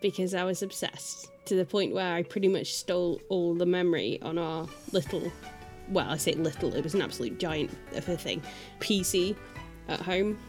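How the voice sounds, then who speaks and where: A woman's voice: fairly low pitch, moderate pace, a little mellow, soft background music. A woman co-hosting a podcast in casual chat, giggling often and stretching her words. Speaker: podcast co-host.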